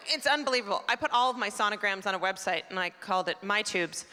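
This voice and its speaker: Talking fast with hardly any pauses, a Canadian stand-up in her forties uses a sharp voice on the high side. Her theater set is chatty and self-mocking, and she teases the crowd. The live recording has long hall reverb and faint crowd noise.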